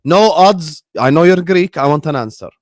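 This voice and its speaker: A man's voice: a little high, expressive, normal speed, darkish tone, no room sound, clean studio sound. A non-native English-speaking man hosting a live stream, chatting loosely and answering viewers' messages as they come in. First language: not English. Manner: chatty, rambling, reads and answers live chat. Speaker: livestream host. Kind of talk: casual live-stream chat.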